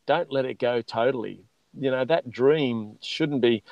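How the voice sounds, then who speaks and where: A man's voice: medium pitch, a little slow, gravelly, darkish tone, dry recording, rough recording. Upbeat man in his fifties. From Australia. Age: 50s. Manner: enthusiastic, says "mate" often. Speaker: chocolatier guest. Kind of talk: casual interview chat.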